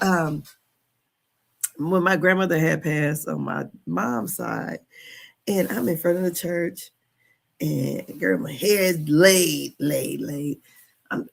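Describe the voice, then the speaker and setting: This podcast host, a woman in her fifties, runs a casual live stream where she is chatty, candid, and quick to laugh. She has a deep, creaky voice.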